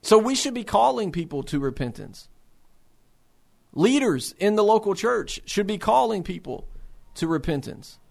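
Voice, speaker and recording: A man's voice: high voice, very animated, moderate pace, creaky, a little mellow. A man speaking earnestly to fellow believers for a faith-based resource center. He talks with passion, asks rhetorical questions and often repeats words as he starts a phrase.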